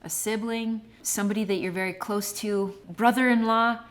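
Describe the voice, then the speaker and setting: An emphatic woman coaching business owners, speaking straight to the viewer. She leans hard on key words and keeps the advice moving in a direct, practical way. Her pitch sits in a middle register. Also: fairly even intonation, moderate pace. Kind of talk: direct-to-camera advice video.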